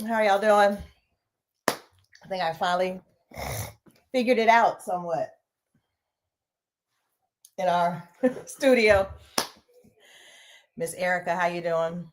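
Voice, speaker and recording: A woman with a slightly low voice hosts a casual livestream from a small home studio. She chats loosely and warmly with the viewers, talking directly to them. Her delivery stays relaxed and conversational. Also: a little hiss or hum. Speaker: host.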